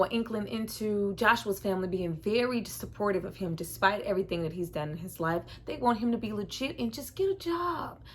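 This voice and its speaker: A woman hosting a casual film review vlog, talking in an animated, slangy way and laughing between remarks. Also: fairly high pitch, a little hiss or hum.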